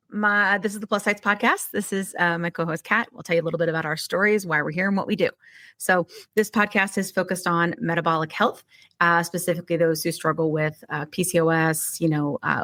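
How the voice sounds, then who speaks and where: A woman's voice: lowish voice, a bit bright, no room sound, clean studio sound. A woman hosting a podcast in a chatty, upbeat way, with frequent fillers. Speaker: podcast host. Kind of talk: casual podcast chat.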